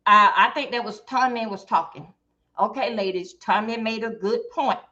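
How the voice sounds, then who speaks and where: A woman's voice: medium pitch, moderate pace, pushed and bright. A middle-aged woman talking casually about relationships on a livestream video call, acting out both sides of everyday conversations. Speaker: guest. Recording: dull lo-fi stream audio.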